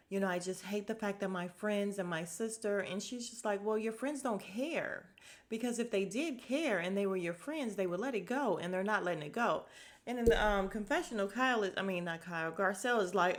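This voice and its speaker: Bright-voiced woman doing a chatty recap. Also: fairly low pitch. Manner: animated, swings between hushed retelling and loud outbursts; blunt and profane, laughs often. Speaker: reality TV recap commentator. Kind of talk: casual recap chat.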